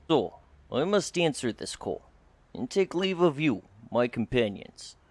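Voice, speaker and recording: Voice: mid-range voice, dry recording. A man voicing a grandiose male adventurer with a put-on accent, giving a solemn, theatrical speech. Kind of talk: tabletop role-play.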